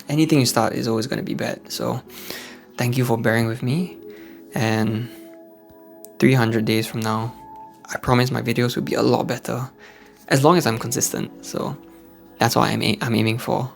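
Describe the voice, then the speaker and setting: Man, Singaporean English accent, hushed indoor voice, casual motivational vlog, gravelly, faint music underneath. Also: mid-range voice, steady tone, normal speed, pauses often. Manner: speaks softly with a hushed indoor voice. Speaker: host of a faith-based channel for men. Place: at home indoors late at night. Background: faint background music.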